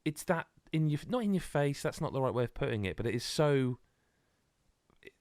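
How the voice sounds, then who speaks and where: A man co-hosting a podcast in casual chat, rambling and animated with many restarts. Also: mid-range voice, brisk, dry recording, clean studio sound. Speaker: podcast co-host.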